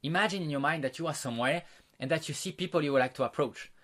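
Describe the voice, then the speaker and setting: A man's voice: fairly high pitch, fast, a bit bright. A man teaching an online social skills course, explaining step by step with frequent fillers and restarts. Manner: walks listeners through exercises and demonstrations.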